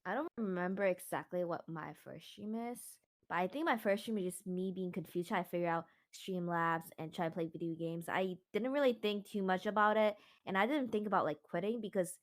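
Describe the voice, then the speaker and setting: Rambling woman with a lowish voice. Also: brisk. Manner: rambling, reflective, uses many fillers. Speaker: streamer guest. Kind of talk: casual group chat.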